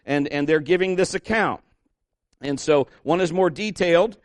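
A man's voice: on the high side, dry recording. Male pastor preaching in a dry room. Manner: conversational, joking, with fillers and restarts, slows to stress scripture. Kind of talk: sermon.

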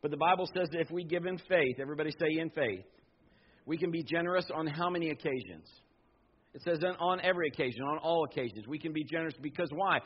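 A man's voice: on the high side, fast, breathy edge. Storytelling preacher, man, lo-fi sound. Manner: storytelling preacher, animated asides and quoted voices. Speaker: pastor. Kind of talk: sermon. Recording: dull lo-fi sound.

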